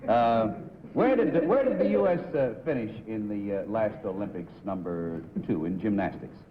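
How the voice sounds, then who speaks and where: A man questioning contestants as a game show panelist, halting and fumbling for words. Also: on the low side, lively intonation, slight background noise. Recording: tinny 1950s TV broadcast with hall reverb.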